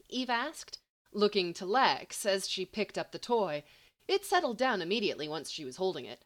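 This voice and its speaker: A woman reads a story aloud with expressive storytelling. Her voice is on the low side yet rises and falls lively through the narration. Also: measured pace. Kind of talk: audiobook narration.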